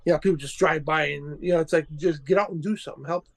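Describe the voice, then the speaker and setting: A man's voice: a little high, quick pace, creaky. A man in a casual talk show conversation, earnest and plainspoken.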